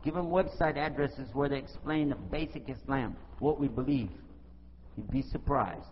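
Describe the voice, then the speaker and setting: An American man preaches to a gathering, retelling a run-in with animated voices for each character. His voice sits a little high, and it carries in a big reverberant hall. The recording is dull and lo-fi, with faint noise underneath. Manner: animated, acts out both sides of dialogue. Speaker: Islamic preacher. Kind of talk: storytelling talk to an audience.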